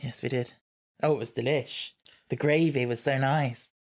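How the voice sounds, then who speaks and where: A man's voice: mid-range voice, fairly even intonation, normal speed. A man co-hosting a podcast in casual chat, playful and encouraging, often giggling. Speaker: podcast co-host.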